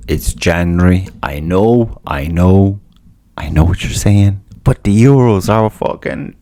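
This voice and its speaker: A middle-aged man with a very low, deep voice talks through a casual solo podcast. He rambles, swears freely and pokes fun at himself. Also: mellow. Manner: rambling, profane, self-mocking. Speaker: podcast host.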